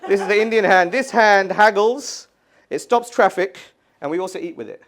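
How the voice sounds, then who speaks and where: A man's voice: high-pitched, normal speed, a bit bright. Sweary, exasperated stand-up man. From England. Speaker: stand-up comedian. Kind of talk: stand-up comedy set. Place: art gallery stage, live audience.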